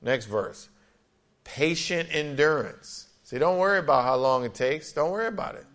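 A man's voice: on the high side, animated, moderate pace, a bit bright. A man pastor preaching an emphatic sermon with frequent amens and scripture readings.

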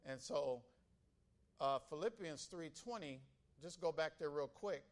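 A man's voice: fairly high pitch, measured pace. A male pastor preaching a sermon, telling stories with animation and calling out to the congregation. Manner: animated storytelling, calls out to the congregation.

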